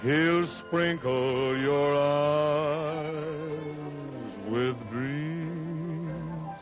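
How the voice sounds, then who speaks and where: An actor playing a relaxed, teasing young cab driver who croons a lullaby, in 1930s film style. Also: male voice, a little high, very slow. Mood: crooning. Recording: dull old film soundtrack with music.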